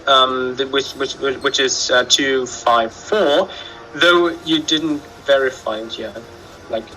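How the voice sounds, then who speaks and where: Slow, halting man with a bright voice. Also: mid-range voice, fairly even intonation, faint music behind, poor audio. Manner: hesitant, halting, many fillers. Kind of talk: casual chat.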